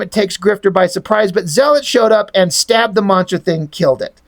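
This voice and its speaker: A man's voice: high-pitched, normal speed. A man talks through a comic issue in a loose, rambling way, swearing freely and getting heated about the artists. His delivery is casual and opinionated, full of restarts as he works through his points. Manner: rambling, profane, enthusiastic opinions. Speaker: comic book reviewer. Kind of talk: casual spoken comic review.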